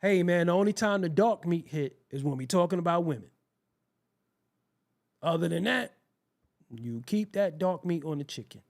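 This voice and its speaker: Gravelly, animated man ranting casually. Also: a little high, normal speed, long pauses. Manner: profane, rambling, animated. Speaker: host. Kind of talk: casual storytelling rant.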